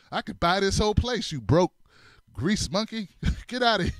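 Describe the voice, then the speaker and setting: A man's voice: high voice, animated, measured pace, no echo. Man doing a haughty rich woman, sneering, scornful, dry close sound.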